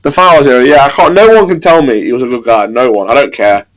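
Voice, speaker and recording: A man's voice: medium pitch, poor audio. A man co-hosting a podcast, ranting about football in casual chat and swearing freely. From England. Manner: ranting, swears, quick and animated. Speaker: podcast co-host.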